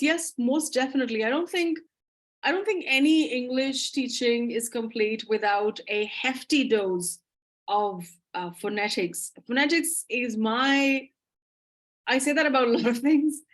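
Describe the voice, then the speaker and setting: A woman English teacher answering audience questions in a live webinar, talking with eager enthusiasm. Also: a little high. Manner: enthusiastic, explanatory.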